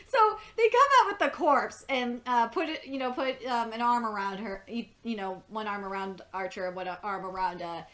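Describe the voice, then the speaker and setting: A woman giving a casual, excitable spoken review of a TV episode. She laughs often and swears freely. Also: on the high side, moderate pace, hardly any pauses.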